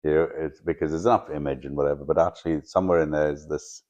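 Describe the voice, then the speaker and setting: A man's voice: rumbling low, steady tone, fast talker, darkish tone, dull audio. A man hosting a podcast, asking rambling questions and searching for his words. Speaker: podcast host. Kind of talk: casual podcast conversation.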